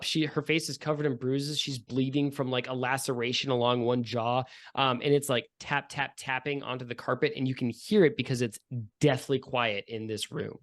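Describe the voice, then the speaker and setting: Rambling game master man. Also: medium pitch. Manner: loose, rambling descriptions with many fillers. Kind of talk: narrating a tabletop game.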